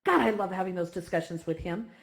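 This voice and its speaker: A woman speaking warmly and effusively to an online community gathering. She sounds emotional, at times near tears, and talks with lively animation. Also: lowish voice, quick pace, gravelly. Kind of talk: heartfelt speech at a virtual reality gathering.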